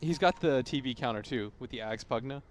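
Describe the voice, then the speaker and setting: A man's voice: medium pitch, brisk, slight background noise. A man giving esports color commentary in a blunt, sarcastic way. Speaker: esports caster.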